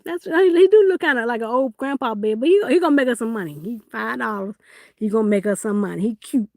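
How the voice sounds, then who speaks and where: A woman's voice: on the high side, animated, quick pace, a little mellow, no room sound, studio quality. Playful woman hosting a live sale. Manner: playful, teasing, laughs often, reads out chat comments. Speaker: live-stream seller. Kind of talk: casual live-stream chat.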